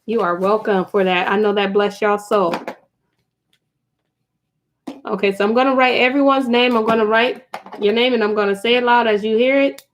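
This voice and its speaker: A woman's voice: on the high side, steady tone, fairly quick, a little hiss or hum. A woman hosting a casual live stream, reading a book aloud to her viewers, chatty and prone to digressions and asides.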